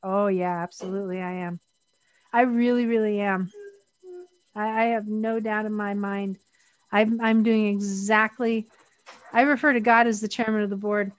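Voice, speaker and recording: A woman's voice: medium pitch, steady tone, moderate pace, no room sound. A middle-aged woman speaking as an interview guest, candid and reflective, often restarting her sentences.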